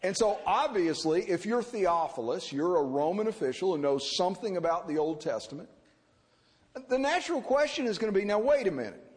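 A man preaching an expository sermon, animated and acting out the people he quotes. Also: sits high, a little fast. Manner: animated, acts out quoted characters. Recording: reverberant hall.

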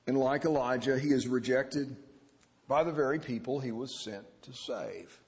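A man preaching an expository sermon, animated and acting out the people he quotes. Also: mid-range voice, moderate pace. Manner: animated, acts out quoted characters. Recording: reverberant hall.

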